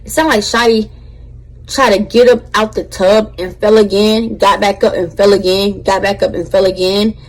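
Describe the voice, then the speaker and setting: A young woman telling a storytime on her vlog in casual slang, animated and chatty with her viewers. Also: medium pitch, moderate pace. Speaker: vlogger.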